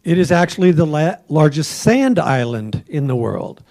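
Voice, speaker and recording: A man's voice: a little high, very animated, moderate pace, darkish tone. A man hosting a trivia quiz at a club meeting, joking with the tables and offering hints for a dollar.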